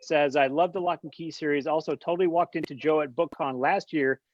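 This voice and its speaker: A man's voice: fairly high pitch, steady tone, a little hiss or hum. Upbeat man moderating over a video call. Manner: upbeat, guiding, brisk. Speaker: panel moderator. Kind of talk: casual panel chat. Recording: dull lo-fi video call audio.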